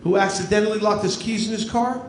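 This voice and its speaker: In an echoey club with the audience audible, a fifties-aged comic from New Jersey does a stand-up set, dry and self-deprecating. He talks fast, and his voice sits high.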